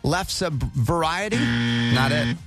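Brief: male radio host, slightly high voice, jokey call-in banter, music bed under. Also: expressive, fairly bright tone. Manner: jokey, upbeat, quick asides. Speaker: radio morning show host. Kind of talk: casual radio banter taking calls.

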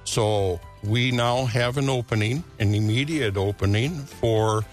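A man's voice: on the low side, a little slow, faint music behind. A man, an orchard owner talking casually as a guest on a radio show.

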